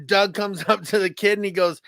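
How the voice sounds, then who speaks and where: A man co-hosting a podcast in casual chat, excitable, laughing often and swearing freely. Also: high-pitched, a little fast, no room sound. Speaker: podcast co-host.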